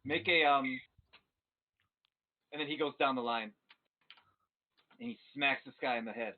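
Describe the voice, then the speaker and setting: A man narrating a tabletop game as game master, telling the scene in an animated way. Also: mid-range voice, fairly quick, slight background noise. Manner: animated storytelling. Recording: tinny phone-like stream audio.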